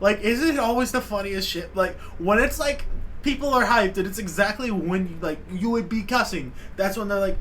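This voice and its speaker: A man's voice: high voice, brisk, a bit bright, a little hiss or hum, rough recording. A man casually reacting to a comedy clip, talking in loose slang and laughing often. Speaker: reaction video creator.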